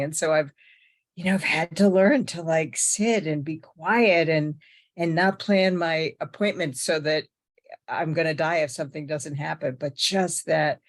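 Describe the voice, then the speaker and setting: An older woman, ill with pneumonia, giving a rambling, candid, self-deprecating personal share at a recovery meeting. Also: low-pitched. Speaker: meeting member sharing.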